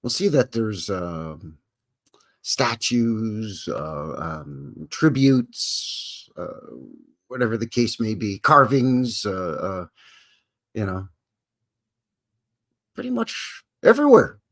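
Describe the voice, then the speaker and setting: Canadian guy hosting a live stream, folksy and jokey, pitch jumps all over. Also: animated, very slow, creaky, a bit bright. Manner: folksy, jokey, greets chatters by name. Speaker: livestream host. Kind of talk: casual live-stream chat.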